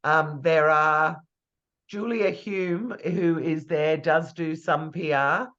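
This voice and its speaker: A man's voice: on the high side, takes it slowly, fairly bright tone. A man coaching people on publicity in a live online class, chatty and thinking aloud with fillers and restarts. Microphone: video call. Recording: lo-fi video call audio.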